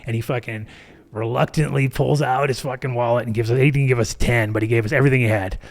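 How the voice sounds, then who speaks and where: A man's voice: medium pitch, fairly even intonation, fast talker. A man in his fifties, a podcast guest, telling a story in casual, profane speech and acting out other people's lines.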